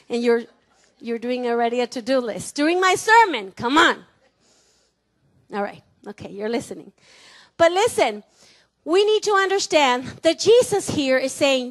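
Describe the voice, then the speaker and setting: A high-pitched woman with a Mexican Spanish accent preaches a sermon in a church. She teases her congregation, laughs easily and has them repeat words back to her. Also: big pitch swings, normal speed. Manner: playful, laughing, calls for congregation responses. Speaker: pastor. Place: church sanctuary.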